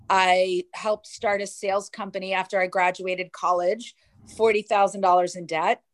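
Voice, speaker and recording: A woman from New Jersey, a guest in an interview, telling her life story with lively restarts and acted-out quotes. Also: mid-range voice, no room sound.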